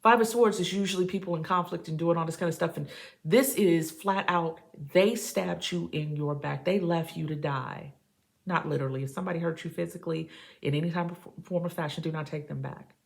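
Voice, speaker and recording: Woman tarot reader, deep and gravelly, emphatic and preachy but casual with the viewer. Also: fairly quick. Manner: emphatic, preachy, talks straight to the listener; casual, says baby and y'all. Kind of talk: tarot reading to camera.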